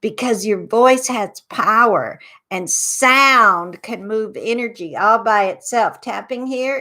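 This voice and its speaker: A woman hosting a psychic advice show, guiding listeners through a tapping meditation with slow, soothing instructions. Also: fairly high pitch, bright, forceful tone.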